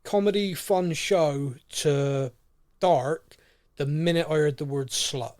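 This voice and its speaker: A man co-hosts a casual podcast chat. His voice sits a touch higher than most men's, and he is animated, often acting out characters' lines mid-sentence. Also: slow. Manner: excitable, acts out characters' lines. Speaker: podcast co-host.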